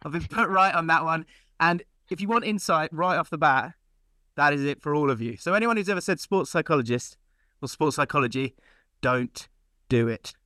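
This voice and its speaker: A man's voice: fairly high pitch, expressive, normal speed, sharp tone, no room sound, studio quality. A man hosting a podcast in a chatty, upbeat way, out of breath from running up and down stairs. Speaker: podcast host. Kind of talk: casual chat.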